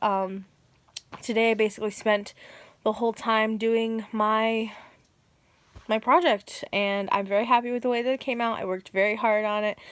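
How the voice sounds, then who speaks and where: A young woman talks straight to the camera in a casual vlog and swears without a second thought. Her voice sits at a middle pitch. The sound is close and dry, with no room echo. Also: a bit bright. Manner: chatty and frank, swears freely. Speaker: vlogger. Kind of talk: casual chat.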